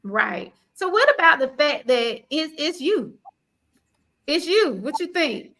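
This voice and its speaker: Bright high-voiced sassy woman host. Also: takes it slowly, a little hiss or hum. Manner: animated, sassy, preachy asides. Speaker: podcast host. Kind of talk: casual panel chat.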